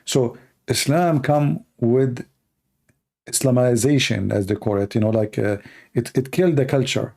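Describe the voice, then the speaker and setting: A man's voice: mid-range voice, dark tone. A man answering viewer questions in a casual monologue, blunt and opinionated, often repeating words as he goes.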